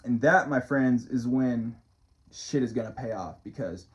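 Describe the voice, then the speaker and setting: A man's voice: medium pitch, measured pace. A man rambling casually into the camera as a motivational vlogger, swearing freely and chuckling as he talks. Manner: loose, profane, chuckling often.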